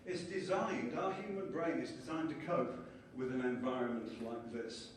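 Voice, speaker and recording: A man giving a lively conference lecture and explaining ideas with small acted-out scenes. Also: a little high, slight background noise. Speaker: conference speaker. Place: conference hall. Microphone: distant from the mic. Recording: echoey hall from far off, faint ambience.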